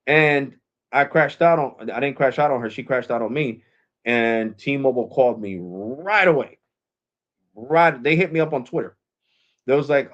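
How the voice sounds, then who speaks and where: Male streamer, mid-pitched, animated and profane, acts out quotes while telling a story; muffled lo-fi stream audio. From Puerto Rico. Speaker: live streamer. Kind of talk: casual storytelling to a live stream audience. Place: at home.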